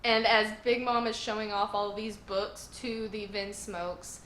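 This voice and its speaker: A woman's voice: mid-range voice, steady tone, unhurried, a bit bright, a little hiss or hum. A woman recapping episodes in a casual vlog, an emotional, gushing fan who uses a lot of filler words. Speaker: anime review vlogger. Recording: echoey room.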